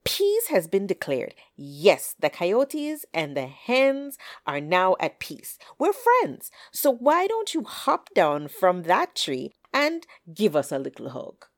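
A woman voicing a sly, smooth-talking male trickster coyote who wheedles and coaxes excitably. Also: mid-range voice, slow, hardly any pauses, no room sound, studio quality, heavily acted. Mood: wheedling.

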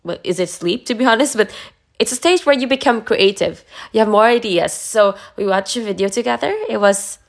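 Chatty woman with a gravelly voice. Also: medium pitch, fairly quick. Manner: chatty, hesitant, with many fillers. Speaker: podcast co-host. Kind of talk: casual chat.

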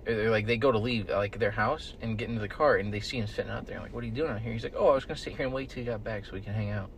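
A young man co-hosting a casual podcast, rambling through stories, swearing often and shouting the lines he quotes. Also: on the low side, rapid-fire, a little hiss or hum. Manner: rambling storyteller, swears a lot, loud bursts when quoting. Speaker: podcast co-host. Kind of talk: casual chat. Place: in a car with friends.

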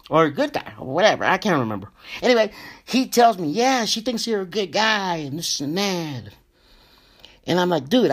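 A young man hosting a show, telling a personal story in a slow, emotional, profane way and often calling out to his listeners. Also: a little high. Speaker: podcast host.

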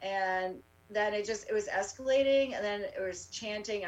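A woman tells her story in a casual interview and keeps stopping on fillers and restarts. Her voice sits at a middle pitch. She sounds set back from the microphone. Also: far from the mic, low-quality recording. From Canada. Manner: halting, many fillers and restarts. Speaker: rally organizer.

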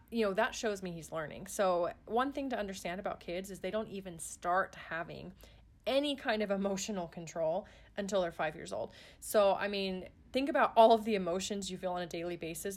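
A woman who is a parent chats casually as a podcast guest, earnest and full of fillers and restarts. She speaks a little fast, at medium pitch.

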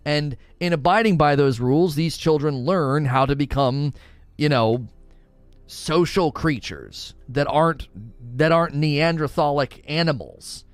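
A man's voice: fairly high pitch, animated, a little slow, dry recording. A man in his thirties, a father, giving blunt opinions in casual chat while answering questions, often restarting his sentences.

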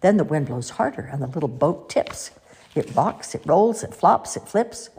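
Expressive storyteller woman, low-ish husky voice, very animated. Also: moderate pace. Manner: expressive, sing-song. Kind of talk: children's story read-aloud.

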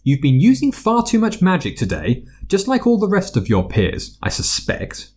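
A man's voice: high-pitched, wildly swooping pitch, moderate pace, darkish tone, slightly rough, pitched above the performer's own voice, full character voice. A man voicing a fussy motherly school nurse. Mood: brisk. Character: brisk kindly middle-aged school nurse woman.

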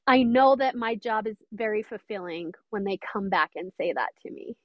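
A woman's voice: mid-range voice, animated, moderate pace, no room sound, highs cut off. A woman mentor talking earnestly and emphatically in an interview. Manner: earnest, emphatic, quotes others often. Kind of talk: interview conversation.

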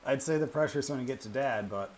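A man's voice: medium pitch, fast talker, crowd noise. A man hosting a casual podcast, setting up segments and dropping quoted lines and jokes. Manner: quotes lines and cracks quips. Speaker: podcast host.

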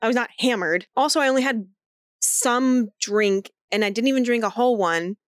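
A woman in her thirties from Florida, co-hosting a podcast and telling stories in an animated, profane way. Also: a little high, normal speed, no echo, studio quality. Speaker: podcast co-host. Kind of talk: casual chat.

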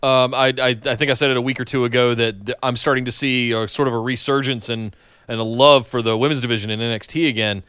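A man speaks in casual podcast chat, often restarting his sentences. His voice is bright and tense, smooth and crisp. The sound is dry and close. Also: mid-range voice, steady tone, no room sound. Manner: halting restarts, brief agreements. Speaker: podcast co-host.

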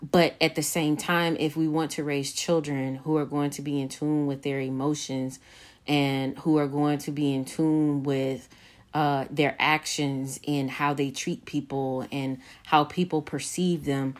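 A middle-aged woman with a low voice hosts a casual podcast. She talks in a measured, reflective way, often restarting her sentences with fillers. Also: level tone. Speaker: podcast host.

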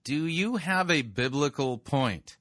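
A man's voice: on the high side, animated, takes it slowly, fairly bright tone. Dry, sarcastic male sermon reviewer. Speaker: sermon reviewer, show host. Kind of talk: commentary interjections.

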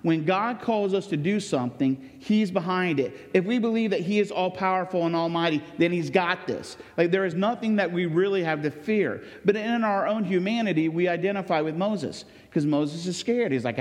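A man delivers a sermon in an earnest, conversational way, stopping for ums and restarts as he talks. His voice sits fairly high for a man. It rings with the long reverb of a large church hall. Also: a little fast, darkish tone. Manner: earnest, conversational preaching with fillers. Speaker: pastor.

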